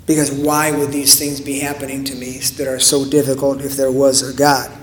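A man preaching a sermon in an earnest way, with rhetorical questions and dramatic pauses. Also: medium pitch, level tone, in a large hall, slight background noise. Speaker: pastor.

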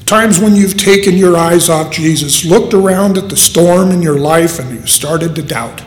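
A man preaching a sermon in an earnest, unhurried way, with dramatic pauses. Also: sits high, slight background noise. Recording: echoey hall.

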